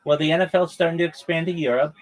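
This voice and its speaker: A man's voice: a little high, fairly even intonation, rapid-fire, low-quality recording. A man hosting a voice-chat livestream, talking in a friendly, welcoming way. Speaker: host.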